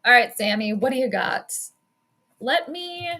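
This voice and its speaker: Bright-voiced woman streamer. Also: on the high side, expressive. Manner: chatty, quick reactions, frequent laughs and self-deprecating asides. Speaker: sports astrology streamer and commentator. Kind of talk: casual live-stream game commentary.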